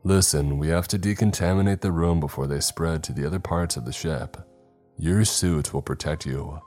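A man's voice: a bass voice, normal speed, darkish tone, faint music behind. A man voicing a stern male ship captain issuing firm orders to his crew. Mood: calming.

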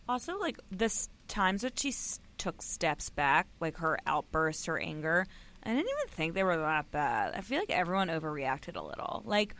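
A woman's voice: low voice, huge pitch swings, moderate pace, a bit bright. A woman co-hosting a casual book club podcast, blunt and emphatic, with some swearing. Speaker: podcast co-host.

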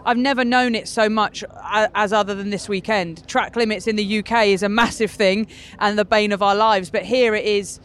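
A woman presenter chatting outdoors in a racing paddock, enthusiastic and animated as she tells a story. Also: mid-range voice, moderate pace. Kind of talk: casual trackside chat.

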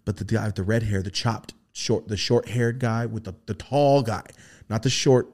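A young man on a podcast telling a story in casual chat, swearing freely and acting out the voices he quotes. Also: normal speed. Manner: animated, swearing, acts out quoted voices in a high pitch. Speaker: podcast host.

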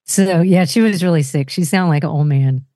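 A woman co-hosting a podcast, telling stories in an animated, chatty way. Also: low-pitched, normal speed, dry recording, clean studio sound. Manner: animated, laughing storyteller. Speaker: podcast co-host. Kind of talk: casual chat.

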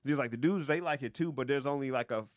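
A man chatting casually on a comedy podcast, laid-back with quick jokes and agreement. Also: medium pitch, no echo. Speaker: podcast co-host or guest.

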